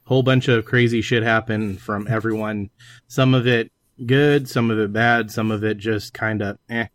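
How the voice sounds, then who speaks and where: A man's voice: fairly low pitch, steady tone, moderate pace, no echo, studio quality. A man hosting a casual hobby podcast, joking and swearing freely between laughs. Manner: joking, profane, laughs often. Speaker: podcast host.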